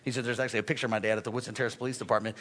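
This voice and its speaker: A man preaching a sermon as pastor, animated and joking, calling on the congregation to respond. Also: mid-range voice, rapid-fire.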